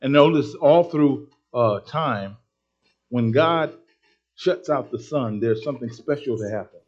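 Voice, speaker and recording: A man preaching a sermon, telling a story with excitable, emphatic energy. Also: mid-range voice, a little slow. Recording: dull lo-fi sermon recording.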